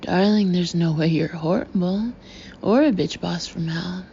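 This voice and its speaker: A woman voicing a smooth, confident husband who talks briskly and reassures, in an audiobook reading. The tone is mellow and a little dark. The recording sounds slightly muffled. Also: fairly low pitch, a little hiss or hum. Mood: reassuring.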